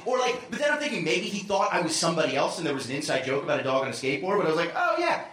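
A man's voice: on the high side, expressive, racing, a bit bright, roomy sound. A man telling a story on stage as a comedy guest, stammering and self-deprecating.

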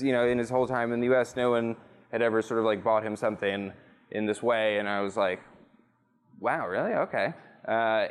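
A man with a lowish, clean-toned voice appears as a podcast guest representing a rum brand. Recorded in a rum bar, he tells stories in a loose, profane, casual interview.

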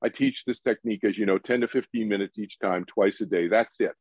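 A man's voice: lowish voice, brisk, no room sound, muffled recording. A man talking as a guest meditation teacher in a podcast interview, acting out quotes and asking rhetorical questions. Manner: animated, acts out quotes, asks rhetorical questions.

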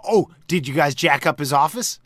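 A man's voice: fairly high pitch, expressive, normal speed, fairly bright tone. A man co-hosting a podcast who chats casually and reacts with brief dry remarks. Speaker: podcast co-host. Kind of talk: casual chat.

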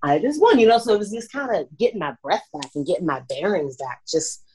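Woman, young, Washington D.C. accent, husky, lively pitch swings, acts out stories, laughing. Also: fast talker. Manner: animated, laughs often, acts out moments. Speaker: pro wrestler, guest. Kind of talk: casual interview chat.

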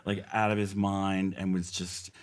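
A man's voice: low voice, level tone, a little slow. A man in a casual political chat, sardonic and loose, with many fillers.

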